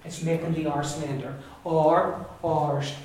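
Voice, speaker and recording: A man's voice: on the high side, steady tone, recorded from a distance, crowd noise. Irish man teaching in echoey classroom. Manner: repeats words slowly for the class to echo. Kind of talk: classroom pronunciation lesson.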